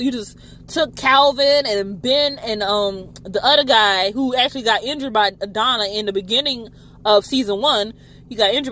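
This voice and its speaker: Woman reviewer, animated casual recap, slightly high pitch. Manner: chatty, animated, swears freely. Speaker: TV show reviewer.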